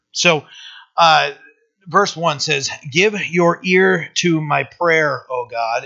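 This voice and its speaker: A pastor talks through a psalm in an easy, conversational manner, often pausing on fillers and restarting his sentences. His voice is bright and sits a little high for a man. The recording sounds dull and lo-fi. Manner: casual, halting, with many fillers and restarts. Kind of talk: conversational Bible teaching.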